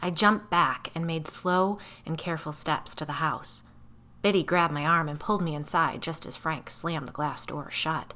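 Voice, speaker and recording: Low, bright-toned woman narrating a story. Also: normal speed. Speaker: audiobook narrator. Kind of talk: first-person story narration.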